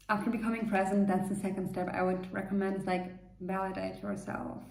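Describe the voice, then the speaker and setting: A woman coach leading a guided meditation, speaking gently and reassuringly in a loose, unscripted way with frequent fillers. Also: medium pitch, flat delivery, moderate pace, creaky. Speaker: manifestation coach. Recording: roomy echo.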